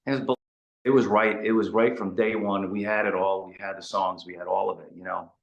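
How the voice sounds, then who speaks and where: A man with a low voice tells animated, rambling stories as a guest in a casual interview. He leans on fillers and restarts. The room around him rings with a noticeable echo. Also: a little fast, gravelly, dull audio. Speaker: guest rock singer. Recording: roomy echo.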